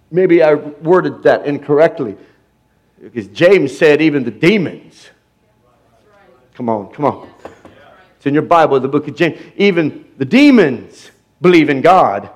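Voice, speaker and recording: A man preaches to his congregation. He leans on rhetorical questions and repeated phrases, and his delivery ranges from hushed to loud. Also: on the high side. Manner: preaching with rising intensity, repetitive rhetorical questions. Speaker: pastor. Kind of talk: sermon.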